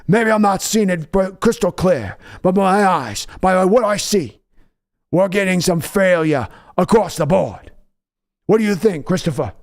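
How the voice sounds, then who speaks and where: A man's voice: high-pitched, pitched above the performer's own voice. A man putting on a blustery, preachy football pundit voice, speaking in short punchy sentences for mock panel banter.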